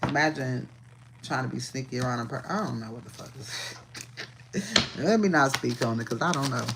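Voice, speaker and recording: A woman giving a casual, profane livestream tarot reading, chatty and quick to laugh. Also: a bass voice, noisy background. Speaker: tarot reader.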